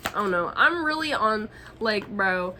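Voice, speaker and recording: A woman's voice: medium pitch, lively intonation, unhurried, background noise. A young woman giving a casual tarot reading, talking in an emphatic, slangy way and swearing freely. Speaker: tarot reader.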